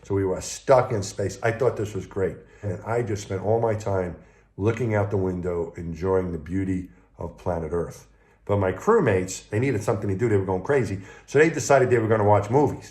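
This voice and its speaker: A man who was an astronaut, telling personal anecdotes to the camera in a relaxed conversational way. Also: on the low side, a little fast. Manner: anecdotal, conversational, warm retelling with acted quotes. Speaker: retired astronaut. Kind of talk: storytelling talk to camera.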